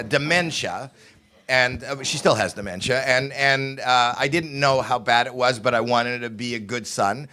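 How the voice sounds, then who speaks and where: Bright-voiced older man telling a comic story. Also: mid-range voice. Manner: halting starts with many fillers, bursts into loud shouted voices for quoted lines. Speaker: comedian guest. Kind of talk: comic storytelling on a panel show.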